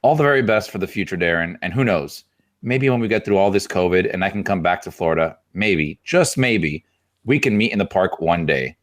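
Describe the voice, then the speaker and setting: Lively low-voiced man reading listener notes. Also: a little fast. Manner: laughs between readings. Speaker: podcast co-host. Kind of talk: reading listener messages aloud.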